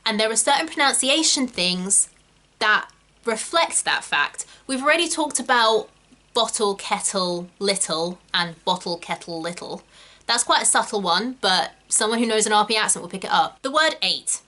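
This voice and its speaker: Woman, young adult, from England, acting tutorial, chatty, emphatic, bright voice. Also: a little high, expressive. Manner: chatty, emphatic, quick asides. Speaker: acting coach. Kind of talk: talking-head tutorial.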